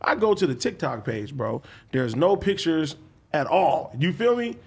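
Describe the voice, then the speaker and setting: A man with a high, sharply swinging voice tells a story in casual podcast banter. He is profane and animated, laughing through his lines. He sounds like he is in his thirties. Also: measured pace, breathy edge.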